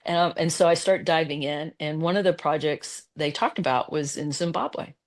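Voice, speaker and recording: Low-voiced woman telling a story. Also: moderate pace. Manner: animated, retells conversations in quoted voices. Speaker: guest, business executive. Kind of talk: casual interview storytelling.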